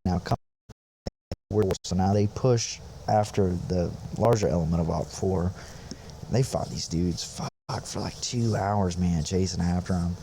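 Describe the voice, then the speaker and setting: A man's voice: low voice, measured pace, creaky, dark tone, a little hiss or hum. A young man on a podcast, telling a rambling, profane army story in a laid-back, casual way. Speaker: podcast host, infantry soldier.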